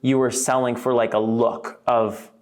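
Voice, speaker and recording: A man's voice: medium pitch, little pitch movement, a little slow. A man hosting an interview, asking clarifying questions and giving short agreeing replies. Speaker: podcast host. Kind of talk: interview conversation.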